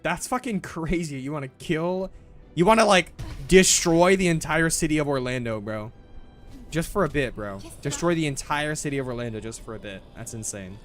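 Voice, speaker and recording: A man's voice: a little high, lively intonation, normal speed, a bit bright, faint music behind. A young man streaming a game, rambling casually with lots of swearing, restarts and "bro". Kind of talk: casual gameplay commentary.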